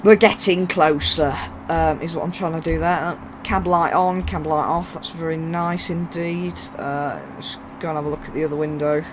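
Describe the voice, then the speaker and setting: A man's voice: a little high, fairly even intonation, moderate pace, hardly any pauses, background noise. A man giving casual, jokey, rambling commentary while playing a train simulator, with faint game sounds behind him. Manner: rambling, jokey, self-mocking. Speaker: gaming YouTuber.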